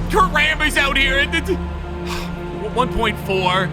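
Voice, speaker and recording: Excitable male gaming host, very high voice, play-by-play over loud game music. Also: unhurried. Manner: excitable, shouts and groans at the game. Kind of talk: live gameplay commentary.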